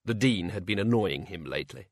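A man narrating an audiobook in an even, measured storytelling voice. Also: deep voice, no echo. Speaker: audiobook reader. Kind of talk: scripted narration.

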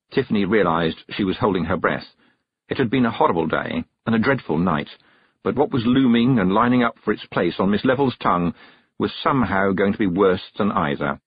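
Husky-voiced man narrating a storybook. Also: lowish voice, dry recording, muffled recording. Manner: measured, expressive reading. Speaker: audiobook narrator.

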